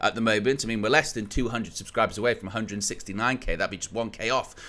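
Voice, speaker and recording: An English man hosts a live football fan stream, his voice bright and forceful. He chats in a rambling way and reads out viewers' comments and greetings as he goes. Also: on the low side, fast. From England. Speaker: fan channel host.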